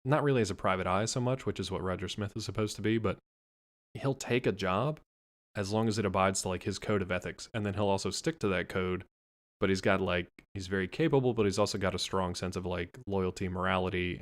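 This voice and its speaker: A man co-hosting a podcast, chatting casually about an anime with quick jokes and asides. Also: deep voice, fairly even intonation. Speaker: podcast co-host. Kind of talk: casual chat about a cartoon.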